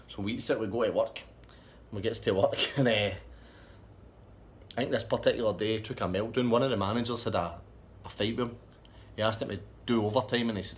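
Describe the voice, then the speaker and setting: A man telling a rambling, profane anecdote in a casual, lively way. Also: fairly low pitch, fairly quick, pauses often, a little hiss or hum. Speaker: storyteller.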